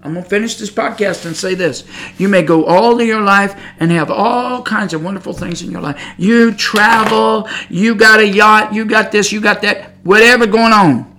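Man, high voice, fiery sermon, rhetorical questions, loud then hushed, preacher. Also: normal speed. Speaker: preacher podcaster.

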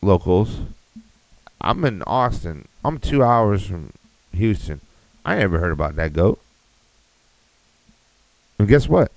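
A man's voice: low-pitched, very animated, measured pace, pauses often, darkish tone, dry recording, dull audio. A man hosting a podcast, ranting in a profane, mocking way. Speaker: podcast host.

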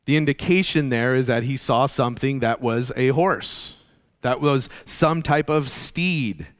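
A man's voice: medium pitch, a little slow. A man teaching a Bible study in a conversational, explanatory way, with many fillers and restarts.

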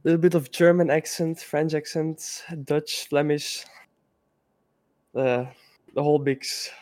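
A man from Belgium with a Belgian accent speaks as a podcast guest in a casual interview, often pausing on uh and um. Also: on the high side, fairly even intonation, a little mellow, no echo. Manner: hesitant, with frequent uh and um.

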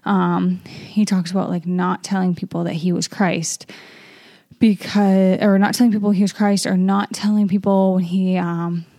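A young woman reads a scripture passage aloud, then reflects on it in a loose, chatty way, trailing off into fillers and restarts. Her voice is mellow and a little gravelly. The sound is close and dry, with no room around it. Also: on the low side, level tone, normal speed, dry recording. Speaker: Bible reading host. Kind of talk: casual Bible reading and reflection.

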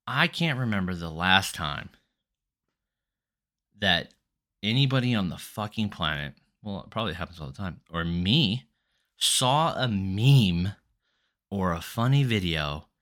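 Young man, deep voice, sharp bright tone, profane rambling rant, solo podcast. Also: expressive, normal speed. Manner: profane, ranting, swings between mumbling and loud outbursts. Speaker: podcast host.

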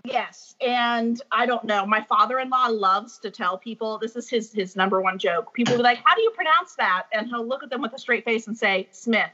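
A woman's voice: fairly high pitch, steady tone, a little fast, hardly any pauses, noisy background. A woman who used to be a teacher, a podcast guest chatting casually, self-deprecating and giggly. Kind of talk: casual chat. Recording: dull lo-fi sound.

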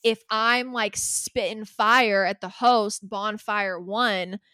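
A young woman co-hosting a podcast, telling stories in an animated casual way, swearing and laughing often. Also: medium pitch, slow pace, clean tone, no room sound, clean studio sound. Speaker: podcast co-host. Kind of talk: casual chat.

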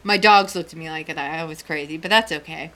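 A woman's voice: deep voice, fairly quick, fairly bright tone. A middle-aged woman co-hosting a talk show, telling a personal story frankly, swearing freely and laughing often. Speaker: podcast co-host. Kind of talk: candid storytelling chat.

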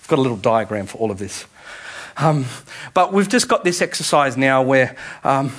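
A pastor delivering a sermon in a conversational way that builds to emphatic, repeated appeals. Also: male voice, medium pitch, big pitch swings, normal speed, fairly bright tone. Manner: conversational preaching, rising to emphatic repetition.

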